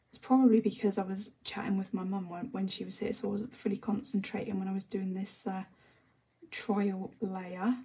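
Gravelly English woman, soft chatty tutor. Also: mid-range voice, recorded from a distance, a little hiss or hum. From England. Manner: relaxed rambling chat, often drops to a soft half-whisper while working. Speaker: colouring tutor. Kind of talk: chatty live-stream tutorial while colouring.

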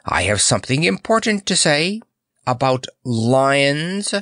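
A man voicing a calm, clever male court chamberlain who speaks in a measured way. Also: mid-range voice, no echo, clean studio sound, voice pushed up, exaggerated voice.

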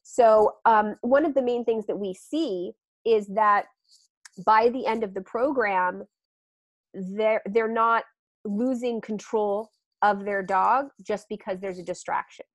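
A woman dog trainer talks through her program on a podcast in an animated, chatty way. Her voice sits mid-range for a woman. The recording is close and dry, with no room sound. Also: mid-range voice, dry recording. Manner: animated, laughs often, acts out quotes. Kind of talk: podcast interview.

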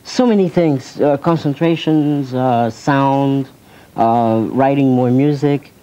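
Man, TV interview guest, playful and joking, halting fillers, mellow dark voice, muffled old broadcast sound. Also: medium pitch, smooth. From France. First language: French. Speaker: guest jazz pianist. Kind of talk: casual TV interview chat. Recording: dull lo-fi 1990s TV recording.

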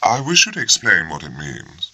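A man's voice: deep voice, wildly swooping pitch, normal speed, pushed and bright, breathy edge, exaggerated voice, low-quality recording. A man voicing a grave, formal and very courteous naval officer who speaks with stiff precision. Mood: formal, puzzled.

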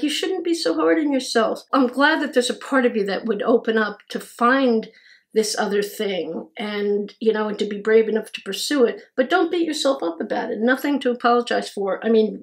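A woman chatting casually with her partner on camera, gentle and reassuring, laughing often. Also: medium pitch. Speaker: co-host, older partner. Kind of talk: casual couple chat.

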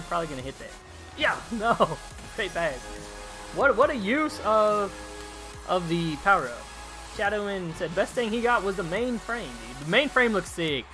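An excitable young man talks over his live game stream, his high bright voice jumping all over as he reacts to plays and chats with viewers. He calls everyone dude. Faint game music runs behind him. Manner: excitable, chatty, reads chat aloud, calls viewers dude. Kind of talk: live gameplay streaming commentary.

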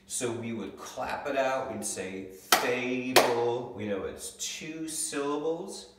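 A young man teaching a second grade lesson from home, patiently sounding out words slowly. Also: mid-range voice, animated, very noisy. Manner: patient, slow, stretches out words to sound them. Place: home room. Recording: echoey room, mic far off.

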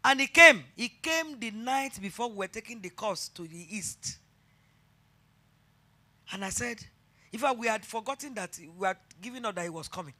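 A woman's voice: fairly high pitch, lively intonation, moderate pace, pushed and bright. A middle-aged Nigerian woman pastor preaching a sermon, telling a personal story and rising to fervent emphasis.

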